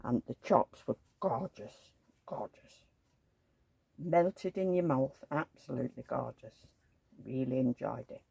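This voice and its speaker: A woman vlogger chats on at home in a gravelly, husky voice. Her pitch leaps up and down, and she rambles from topic to topic and coos at the dolls she dresses, close and dry on the mic. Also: animated, moderate pace, warm tone, no room sound. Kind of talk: casual chat.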